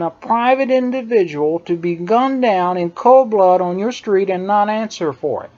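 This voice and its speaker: A man delivering an emphatic, indignant opinion monologue, hammering his points by repeating phrases. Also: sits high. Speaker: political commentator. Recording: dull lo-fi recording.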